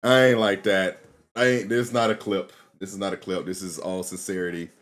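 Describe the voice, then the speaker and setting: A man's voice: sits low, little pitch movement, a little fast. A man streaming a game live, chatting casually with his viewers in laid-back slang and laughing often. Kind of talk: casual live-stream chat while gaming.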